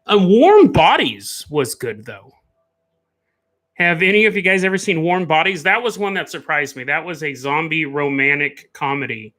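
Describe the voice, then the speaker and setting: A man hosting a casual live stream, rambling and animated, laughing often as he chats. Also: sits high, brisk. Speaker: podcast host.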